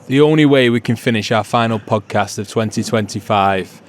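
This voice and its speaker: A man's voice: fairly low pitch, moderate pace. A man hosting a podcast in casual chat, friendly as he wraps up and thanks his guests. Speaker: podcast host.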